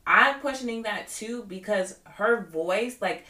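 A woman's voice: medium pitch, measured pace, reverberant. A woman co-hosting a podcast, chatting casually and with strong opinions. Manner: animated, opinionated, quotes others. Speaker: podcast co-host. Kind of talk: casual chat.

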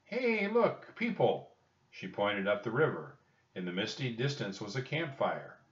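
A man reads a children's storybook aloud in a steady, plain way. His voice is very low. The recording is roomy, distant and dull. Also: moderate pace. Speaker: narrator.

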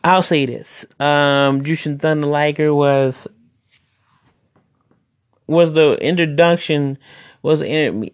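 A man's voice: medium pitch, creaky, no echo. A man who wrestles, hosting a casual podcast monologue, rambling and opinionated, with many restarts.

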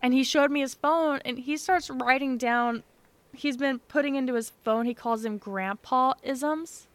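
In a laid-back podcast chat, this young co-host spins a story with plenty of sarcasm and chatter. She speaks with a high-pitched voice at a measured pace, recorded with no echo.

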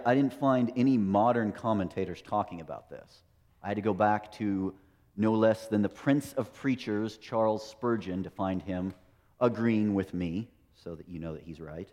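A man's voice: lowish voice, normal speed, a little mellow. A middle-aged American man preaching a sermon, tossing rhetorical questions and "right?" at his listeners. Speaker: pastor. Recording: long hall reverb.

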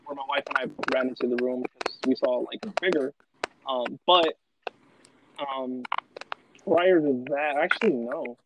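A man's voice: medium pitch, a little slow, long pauses, background noise. A man hosting a casual chat, telling a story in a rambling way with lots of fillers. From Los Angeles. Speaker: podcast host.

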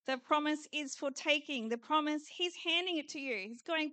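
A woman preaching at a church conference with a fairly high voice. She repeats earnest declarations over the listeners. The sound is close and dry. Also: normal speed, few pauses, sharp tone, dry recording. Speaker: conference speaker. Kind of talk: prophetic preaching.

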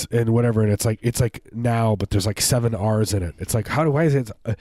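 A man's voice: fairly low pitch, quick pace, hardly any pauses, darkish tone, dry recording, studio quality. A man co-hosting a podcast, chatting casually in a rambling, joking way. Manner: rambling, joking, easily amused. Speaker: podcast co-host. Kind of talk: casual chat.

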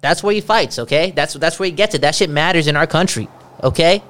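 A man's voice: a little high, a little fast, soft background music. A young man co-hosting a podcast, chatting casually with lots of swearing and jokes. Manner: swearing, joking, excitable. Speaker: podcast co-host.

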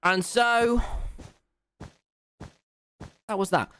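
A man's voice: sits high, extremely slow. A young man, a gaming streamer telling a jokey story and acting out the voices. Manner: animated, jokey, acts out every voice. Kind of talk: casual storytelling while gaming. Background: faint game music.

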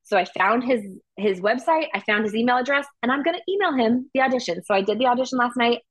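A woman's voice: on the high side, lively intonation, quick pace, fairly bright tone, dry recording. A woman co-hosting a podcast, telling a story in a casual chat with lots of filler words. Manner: chatty storytelling, heavy use of "like". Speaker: podcast co-host.

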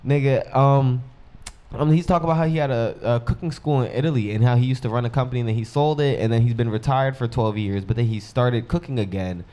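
A man's voice: mid-range voice, fast, warm tone. A man co-hosting a podcast, telling a story in casual chat, slangy and full of restarts. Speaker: podcast co-host.

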